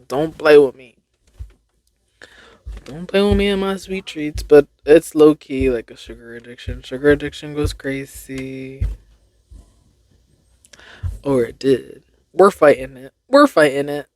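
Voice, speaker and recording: Slow-talking playful young woman host. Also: low voice, darkish tone, no room sound. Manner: playful, laughs at her own stumbles. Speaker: podcast host. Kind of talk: casual solo chat, reading tongue twisters.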